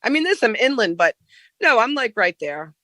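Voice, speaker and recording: A woman's voice: fairly high pitch, sing-song, moderate pace, sharp tone, dry recording. A woman from Rhode Island with a Rhode Island accent, chatting and telling stories in a casual group call. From Rhode Island, USA. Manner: chatty storyteller, tells local tales.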